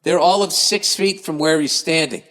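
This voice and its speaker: Podcast guy reading emails and going off, swears a lot, kinda high voice, long reverb tail on it. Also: moderate pace, fairly bright tone. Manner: profane, exasperated, sarcastic. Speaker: podcast host. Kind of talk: reading listener emails and ranting comedically.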